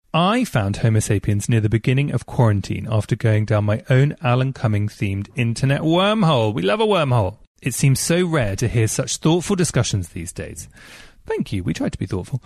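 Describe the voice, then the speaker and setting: A man's voice: mid-range voice, a little mellow, no echo. A man hosting a casual podcast, reading listener emails. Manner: chatty, reads listener emails aloud. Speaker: podcast host.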